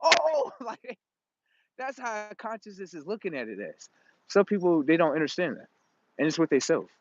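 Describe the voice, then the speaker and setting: A man's voice: on the high side, big pitch swings, fairly quick, a little hiss or hum. A man in a profane, rambling, emphatic casual monologue. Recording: dull lo-fi recording.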